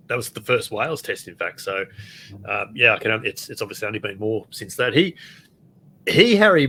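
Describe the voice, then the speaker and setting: A man's voice: mid-range voice, sharp tone, slight background noise. A man hosting a casual podcast chat, asking questions and steering the conversation. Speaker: podcast host.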